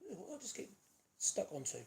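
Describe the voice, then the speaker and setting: This woodworking channel host, a Norfolk man from the East of England, sounds high-pitched, very animated, and a little fast, with vocal fry. He chats and hums in a rambling way during a casual live demonstration in his home workshop, with heavy sanding and tool noise behind him.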